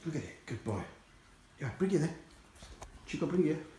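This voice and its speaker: A man's voice: a little high, big pitch swings, moderate pace. A man filming his pet monkey at home, coaxing it in a sing-song voice between casual asides to viewers. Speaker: pet vlogger. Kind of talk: casual pet video narration. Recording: echoey room with noticeable noise.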